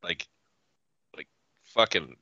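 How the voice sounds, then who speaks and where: A man co-hosting a casual podcast chat, ranting in a profane, animated way. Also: slow pace, no room sound, lo-fi sound. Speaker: podcast co-host.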